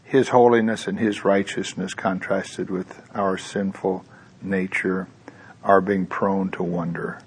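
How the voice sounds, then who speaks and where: A man's voice: low-pitched, little pitch movement, measured pace, breathy edge. A man preaching a sermon, who talks in a conversational way with tag questions and then leads into prayer. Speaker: pastor.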